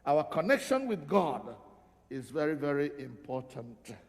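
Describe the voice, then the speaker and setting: Animated pastor, gravelly voice. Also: male voice, a little high, a little slow. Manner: emphatic, repeats phrases for stress. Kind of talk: sermon. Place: church sanctuary. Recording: reverberant church hall.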